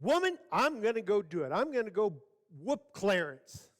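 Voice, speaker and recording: A pastor voicing a hot-tempered old backwoods man who yells threats across a river. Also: high voice, sing-song, moderate pace, pitched above the performer's own voice. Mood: determined. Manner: yelling across a river, boastful.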